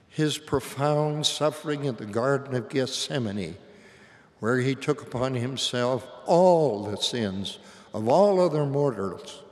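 Older man, sermon, solemn and reverent, very slow, long hall reverb. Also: medium pitch. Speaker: church leader. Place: large assembly hall.

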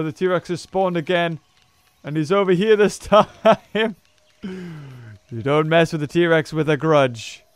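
A man giving excitable let's play commentary, laughing, yelping and muttering to himself as he plays. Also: high voice, clean tone, no echo. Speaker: gameplay commentator.

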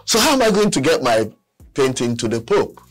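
A man, a painter telling a story as a guest, animated and laughing often. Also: medium pitch, brisk, faint music behind. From Nigeria. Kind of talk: storytelling in a chat.

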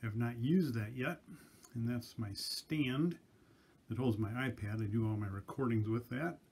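A man's voice: medium pitch, brisk, a little mellow, a little hiss or hum. A man making a casual vlog from a basement back bedroom, talking plainly to the camera into a small tabletop microphone with dry, self-deprecating humor. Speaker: vlogger. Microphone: small tabletop mic on a tripod.

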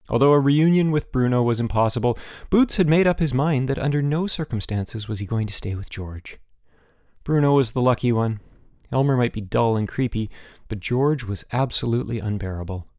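A man reading a children's novel aloud as an audiobook narrator, expressive and giving each character a voice. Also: medium pitch, normal speed, dry recording, clean studio sound. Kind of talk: scripted narration.

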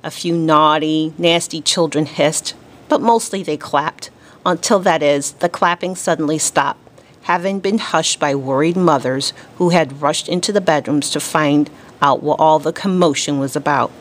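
A woman teacher reading a children's storybook aloud to her class, expressive and deliberate. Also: sits low.

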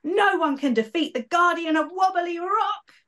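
A woman's voice: sits high, animated, measured pace, voice pushed up. A woman voicing a boastful, melodramatic young woman guardian of a castle, reading aloud from a storybook. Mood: triumphant. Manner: overacted dying gasps.

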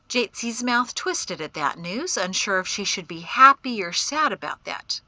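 A woman narrating an audiobook with a slow, expressive delivery. Her voice is bright and a bit high, with lively swings in pitch. The recording is dry and close. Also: no echo, low-quality recording. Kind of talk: scripted fiction narration.

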